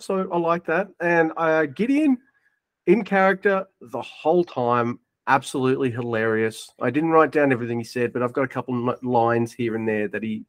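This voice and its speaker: A man from Australia co-hosting a casual podcast chat, relaxed and swearing casually. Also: mid-range voice, no room sound. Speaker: podcast co-host.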